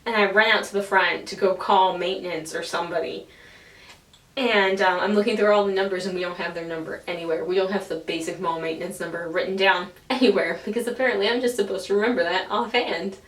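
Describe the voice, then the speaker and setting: A woman's voice: medium pitch, steady tone, quick pace, fairly bright tone. A woman in her twenties, a vlogger telling a casual story, swearing freely and acting out the people in it. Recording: echoey room, distant from the mic.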